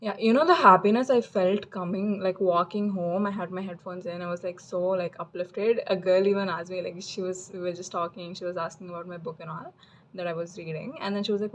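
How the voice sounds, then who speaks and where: A woman's voice: lowish voice, a little fast, slight background noise. A young woman college student, casually rambling through stories of her day and acting out other people's lines. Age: young adult. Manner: rambling, animated retelling with quoted dialogue. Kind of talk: casual chatty vlog storytelling. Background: background music.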